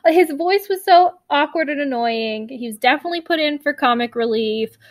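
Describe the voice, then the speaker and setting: A woman co-hosting a podcast in casual chat, talking fast and loose with lots of fillers and restarts. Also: high-pitched, lively intonation, dry recording. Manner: chatty, many fillers and restarts. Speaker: podcast co-host.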